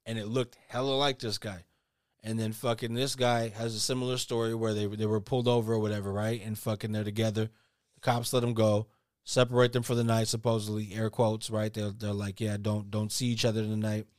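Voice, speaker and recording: A man's voice: on the low side, little pitch movement, brisk, no room sound, clean studio sound. A man co-hosting a podcast, talking casually and with a lot of slang as he brings up news topics. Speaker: podcast co-host. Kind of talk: casual chat.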